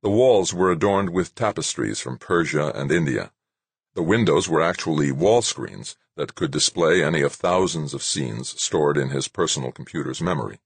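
Deep, husky male audiobook narrator. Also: animated, normal speed, no room sound. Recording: dry close recording.

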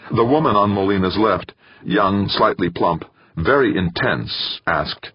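A man narrating an audiobook in a steady, expressive storytelling manner. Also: deep voice, unhurried, husky, no echo. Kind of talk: scripted narration. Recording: dull, dry audiobook recording.

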